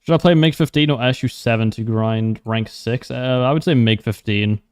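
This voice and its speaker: A young man giving casual, wry commentary while he streams a game. He laughs often and answers viewers' questions in an easygoing way. His voice sits at a middle pitch. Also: moderate pace, clean tone, dry recording. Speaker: livestreamer.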